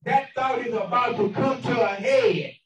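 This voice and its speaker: High-voiced man preaching in an echoey room. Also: measured pace, recorded from a distance, music in the background. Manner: repeats words, stammering restarts, bursts of shouting. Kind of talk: emotional sermon testimony.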